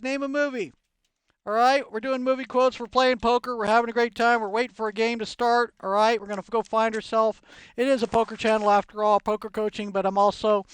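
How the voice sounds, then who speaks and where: Excitable male streamer, rambling, salty, dead-dry sound. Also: sits high, smooth, no room sound. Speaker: poker streamer. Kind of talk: casual live stream chat.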